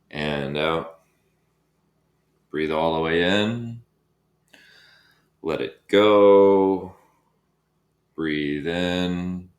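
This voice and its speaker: Breathwork instructor, male, low register, calm coaching cadence, echoey room. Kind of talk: guided breathwork session. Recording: roomy echo.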